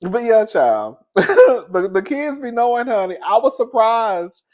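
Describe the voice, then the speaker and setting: Animated man telling a storytime tale. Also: high-pitched, a little slow, muffled recording. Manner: animated, laughs often, keeps calling listeners "girl". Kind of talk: casual storytime monologue.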